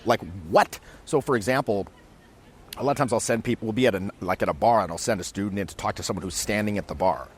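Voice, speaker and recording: A man teaching social skills in a casual, animated way, acting out quick scenes as he explains. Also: fairly low pitch, slightly rough. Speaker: dating coach. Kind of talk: casual instructional talk. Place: outdoors in a city.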